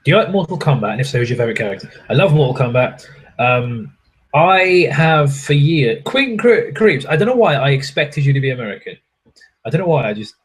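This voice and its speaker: Husky man chatting casually. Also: medium pitch, poor audio. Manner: rambling, swears freely, self-mocking. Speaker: livestream host answering chat. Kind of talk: casual chat. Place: hotel room.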